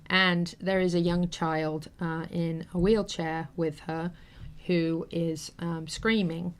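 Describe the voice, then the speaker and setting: A woman's voice: fairly low pitch, little pitch movement, slow. A woman hosting a talk show, telling a personal story in an earnest, heartfelt, rambling way with many fillers. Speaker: host.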